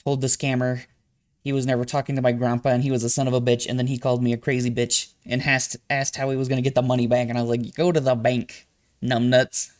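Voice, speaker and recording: A young man streaming, reacting to a video with profane, animated storytelling that jumps suddenly loud. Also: mid-range voice, fast. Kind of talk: casual live-stream commentary.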